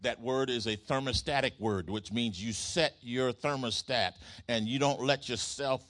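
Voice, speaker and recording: A man preaches a sermon at a middle pitch, building his points through rhythmic repetition. He calls out to the congregation and waits for them to answer back. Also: a little slow, a bit bright. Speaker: pastor.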